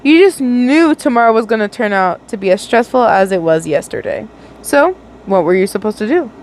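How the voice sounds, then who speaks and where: A woman's voice: on the high side, animated, moderate pace, darkish tone, slight background noise, poor audio. A young woman reading fanfiction aloud casually, giggling and correcting her own slips. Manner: giggly, stumbles and corrects herself. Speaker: fanfiction reader.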